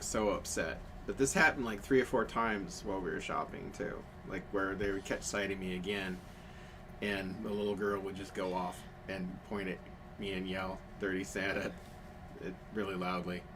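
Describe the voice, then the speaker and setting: Low-voiced man telling a rambling story. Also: fairly even intonation, moderate pace, background noise. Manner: rambling storytelling, many fillers and restarts. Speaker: storyteller on a craft stream. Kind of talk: casual chat.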